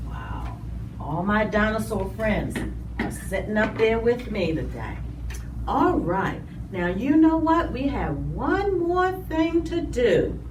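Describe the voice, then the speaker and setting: A woman hosting children's storytime in a library. She speaks to small children in an animated way and draws out her words. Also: medium pitch, noisy background. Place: library room. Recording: roomy, distant mic.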